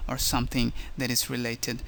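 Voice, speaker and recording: Gravelly-voiced male teacher explaining. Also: medium pitch, completely flat delivery, normal speed, a bit bright, a little hiss or hum. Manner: explanatory, stresses key words. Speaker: language instructor. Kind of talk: slideshow lecture narration.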